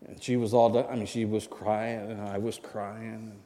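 Mellow-voiced preacher in his sixties. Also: fairly low pitch, flat delivery, normal speed. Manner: conversational, asks the congregation for amens. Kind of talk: sermon storytelling. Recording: long hall reverb.

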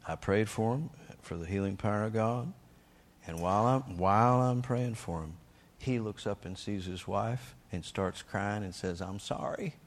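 Lower-pitched man preaching a lively testimony. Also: slight background noise. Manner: energetic, emphatic storyteller who acts out shouted quotes. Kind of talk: sermon testimony storytelling.

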